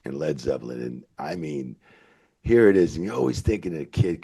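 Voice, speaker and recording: A man in his fifties, a veteran referee, telling rambling, animated stories with plenty of swearing in a casual interview. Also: extremely low pitch, brisk, creaky, breathy edge. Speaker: veteran wrestling referee, guest.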